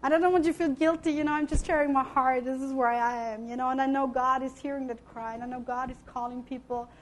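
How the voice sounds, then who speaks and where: A woman missionary speaking to a congregation, telling a story in a lively way, acting out the voices she quotes and laughing often. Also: high-pitched, quick pace. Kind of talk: testimony talk to a congregation.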